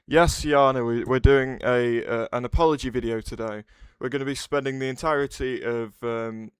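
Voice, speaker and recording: A man's voice: mid-range voice, fairly even intonation, moderate pace, smooth, dry recording. A man hosting a casual livestream, rambling, restarting his sentences and answering chat messages aloud.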